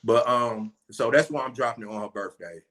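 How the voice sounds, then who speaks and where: A man's voice: medium pitch, a little fast, a bit bright. A man in his forties from Atlanta, a rapper being interviewed, talking earnestly and from the heart, often saying "man" and "you know". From Atlanta, USA. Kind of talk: interview guest telling a story.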